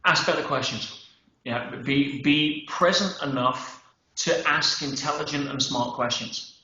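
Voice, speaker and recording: A man's voice: mid-range voice, a little slow, a little hiss or hum. A male guest on a conversational interview, talking emphatically and often checking in with "yeah?" and "right?". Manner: emphatic, animated storytelling with acted-out quotes; peppers speech with "yeah?" and "right?". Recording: roomy, dull podcast audio.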